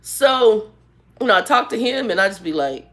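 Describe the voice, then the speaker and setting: A woman in her fifties chatting casually on her vlog, telling stories with a sarcastic, animated manner. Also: mid-range voice, moderate pace. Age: 50s. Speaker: vlogger and ministry leader. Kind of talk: casual chat, storytelling.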